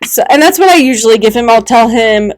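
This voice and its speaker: A woman's voice: a little high, expressive, fast, dry recording. A woman with a Midwestern American accent co-hosting a casual podcast chat, upbeat and chatty. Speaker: podcast co-host. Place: front porch outdoors.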